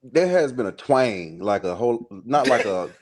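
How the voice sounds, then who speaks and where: Halting, lively-voiced man co-host. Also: medium pitch. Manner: halting, searching for words. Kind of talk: casual live-stream chat.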